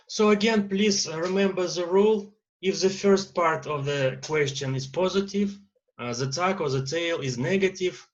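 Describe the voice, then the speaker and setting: A man with a Russian accent teaching an English grammar lesson, pausing often with "uh" fillers. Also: on the high side, muffled recording. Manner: lecturing with many uh fillers and pauses.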